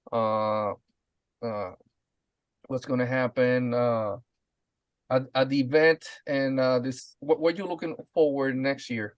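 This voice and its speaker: A man's voice: medium pitch, a little mellow, no room sound. Eager male host of a live show. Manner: enthusiastic, laughing, many fillers. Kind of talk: casual live-stream interview.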